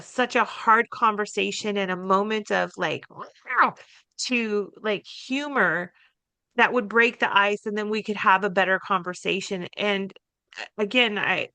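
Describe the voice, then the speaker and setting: A middle-aged woman co-hosting a podcast, telling a family story in an expressive, emphatic way and laughing easily. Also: mid-range voice, no echo. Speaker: podcast co-host. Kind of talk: casual conversational podcast talk.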